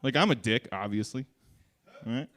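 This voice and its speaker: A man's voice: medium pitch, normal speed, fairly bright tone. A man doing a stand-up comedy set on a theater stage, crude and profane, acting out little voices in his bits.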